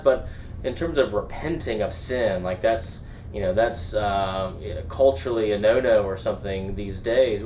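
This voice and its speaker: A man's voice: medium pitch, a little mellow, slight background noise. A man giving a casual church teaching, earnest, often repeating and restarting his words. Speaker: guest teacher.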